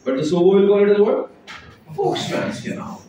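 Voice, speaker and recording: A man's voice: high voice, racing, dark tone, recorded from a distance, a little hiss or hum. A male biology teacher with an Indian accent, lecturing a class and firing questions at the students. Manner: quizzes students, mixes English, Hindi and Marathi. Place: large echoey classroom. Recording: echoey room, voice off-mic.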